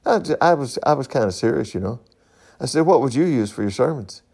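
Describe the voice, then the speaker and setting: A man's voice: mid-range voice, animated, fairly quick, gravelly, a little mellow, husky. A middle-aged man, hosting a podcast in a rambling, folksy monologue and laughing at his own stories. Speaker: podcast host.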